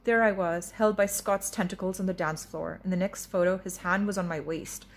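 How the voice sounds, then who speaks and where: A woman author reading her own novel in the first person, with expressive, wry narration. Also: fairly low pitch, moderate pace.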